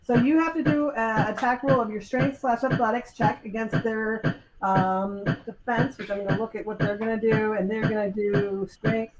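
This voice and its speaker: Her voice sits on the high side and moves at normal speed as she game-masters a live tabletop session on a convention stage. Full of energy, she works through the rules with ums and performs the fight's moves, all recorded in a live convention hall with a loud crowd.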